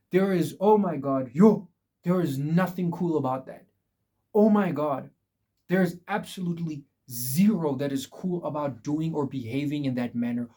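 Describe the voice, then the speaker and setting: A man's voice: a little high, a little slow, dark tone. A young man vlogging life advice straight to his viewers, emphatic and repetitive, calling them guys. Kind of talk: casual direct-to-camera advice talk.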